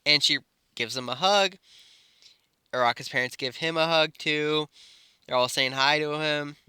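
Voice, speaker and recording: A man's voice: on the high side, moderate pace, pushed and bright, clean tone, no room sound, studio quality. A man improvising a fan story aloud, rambling with fillers and self-corrections.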